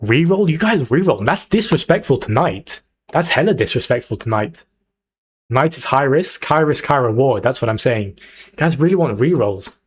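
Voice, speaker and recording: A young man hosts a casual livestream, talking straight to his chat in an excited, chatty way. His voice sits in a middle pitch, and he keeps the energy up as he riffs with viewers. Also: normal speed, breathy edge. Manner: chatty, hyped, talks to chat. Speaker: streamer.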